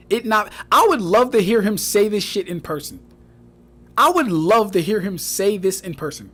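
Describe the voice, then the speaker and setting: A man's voice: high-pitched, lively intonation, moderate pace, fairly bright tone. A young man giving casual livestream commentary, mocking and exasperated, swearing, repeating himself and laughing often. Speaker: streamer reviewing fan debates.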